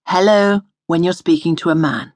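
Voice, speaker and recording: A woman instructor reading a scripted audio language lesson in a studio, slowly modelling each word to repeat. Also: lowish voice, steady tone, a little mellow, no room sound. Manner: patient, slow model pronunciation.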